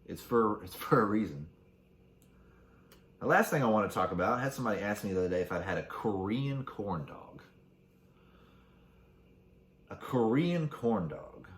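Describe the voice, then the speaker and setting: A man's voice: lowish voice, animated, moderate pace, long pauses, echoey room. A man hosting a casual solo podcast, reading facts aloud and cracking crude jokes along the way. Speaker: podcast host.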